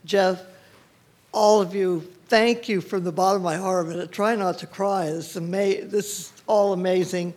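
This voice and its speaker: A woman's voice: on the low side, steady tone, normal speed, darkish tone. A woman giving a rambling, heartfelt thank-you speech at a public board meeting, often breaking off mid-word. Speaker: environmental group leader thanked at a public meeting.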